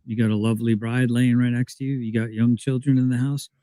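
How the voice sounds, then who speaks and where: A man's voice: medium pitch, flat delivery, a little fast, warm tone, no echo, poor audio. Dry-sounding man issuing profane warnings. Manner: cautionary, profane, repeats phrases. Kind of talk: casual livestream commentary.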